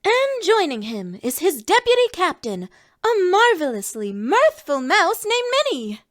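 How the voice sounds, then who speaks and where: A woman's voice: very high-pitched, big pitch swings, a little slow, heavily acted. A woman voicing a chipper adult female cartoon duck who co-hosts as an announcer, in a fan audio drama. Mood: bubbly. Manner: bubbly showbiz announcing. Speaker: co-host announcer.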